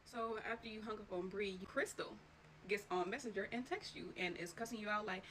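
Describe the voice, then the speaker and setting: A woman tells a chaotic story straight to camera, quick and animated, with plenty of cursing. She speaks at a brisk clip at an ordinary pitch. There is a faint hiss behind her voice. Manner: profane, animated, tells it in second person. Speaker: storytime vlogger. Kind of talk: casual storytime retelling.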